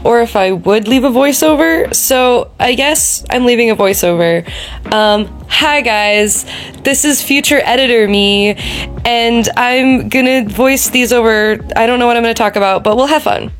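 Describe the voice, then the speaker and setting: A woman's voice: on the high side, normal speed. Young canadian woman doing a loose rambly voiceover, self-described yapper, faint music behind. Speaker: vlogger. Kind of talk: casual voiceover.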